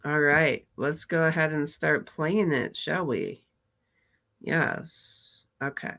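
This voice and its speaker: A woman's voice: deep voice, lively intonation, vocal fry. A woman hosting a live reaction stream, greeting viewers and chatting casually about her day. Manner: warm greetings, laughs at clips, slow and chatty.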